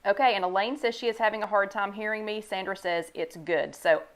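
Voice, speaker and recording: An older woman hosts a casual live stream from home, talking into a desk microphone. She is chatty and relaxed, greeting viewers by name and reading their comments aloud. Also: medium pitch, brisk. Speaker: host of a live online chat. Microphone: new desk microphone.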